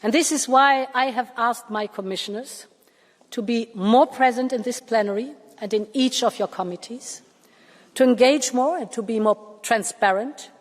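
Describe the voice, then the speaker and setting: Woman in her sixties, formal address to a chamber, emphatic, paced with pauses, long hall reverb. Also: a little high. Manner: measured, emphatic, with deliberate pauses. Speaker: Commission president addressing parliament. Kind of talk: formal political speech. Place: large parliament chamber.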